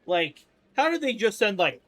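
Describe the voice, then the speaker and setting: A young man, a gaming streamer, reacting to his game in an excitable, swearing, off-the-cuff way. His voice is high and bright and jumps all over the place, with faint game music under it. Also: normal speed. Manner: excitable and swearing, with sudden outbursts. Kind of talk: casual gameplay commentary.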